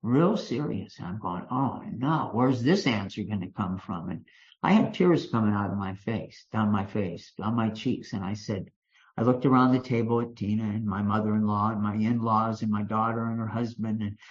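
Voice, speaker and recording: A man's voice: fairly low pitch, moderate pace. An older man from Kentucky with a Kentucky accent, speaking as a speaker at a recovery meeting and telling a folksy personal story with restarts and fillers. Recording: dull lo-fi meeting recording.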